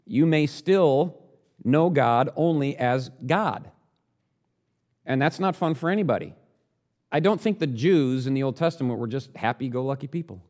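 A man preaches with an expressive, medium-pitched voice at normal speed. Earnest and direct, he asks his audience questions and builds up loudly on the ideas he stresses.

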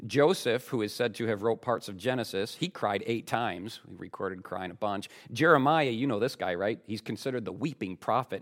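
Preaching emphatically in a church, a male pastor whose voice is on the low side fills his sermon with rhetorical questions for the congregation.

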